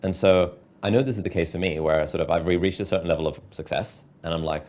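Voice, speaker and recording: A man speaking as a podcast guest, reflective and measured in his answers. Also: sits low, a little mellow. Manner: thoughtful, measured, many "like" fillers. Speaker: guest, content creator. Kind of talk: reflective interview talk.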